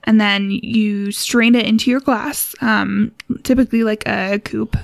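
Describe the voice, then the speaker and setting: A young woman co-hosting a casual cocktail podcast, explaining a recipe in a relaxed way with frequent laughs and fillers. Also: medium pitch, a little slow, gravelly, no room sound. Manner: relaxed, giggly, lots of fillers. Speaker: co-host.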